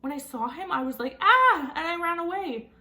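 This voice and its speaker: A woman's voice: high voice, animated, brisk, pitched above the performer's own voice. A woman reading aloud and voicing a whining second-grade boy in a storybook. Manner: whining, exclaims loudly. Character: whiny scared little boy, second grader.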